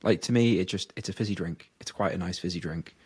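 Here the powerlifter co-host speaks quickly in a low, slightly rough, a little mellow voice. The young man chats casually on the podcast, telling stories full of laughs and frequent "like" fillers.

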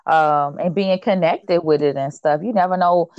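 A woman's voice: lowish voice, moderate pace, no room sound, lo-fi sound. A woman hosting a podcast in casual chat, upbeat and loose with lots of ums and repeated words. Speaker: podcast host.

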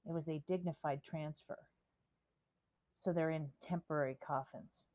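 A woman in her fifties hosting her own podcast, speaking emotionally and deliberately as she reads out names and talks to her listeners. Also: low-pitched, fairly even intonation, darkish tone. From United States. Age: 50s. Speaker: podcast host. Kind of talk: solo podcast monologue.

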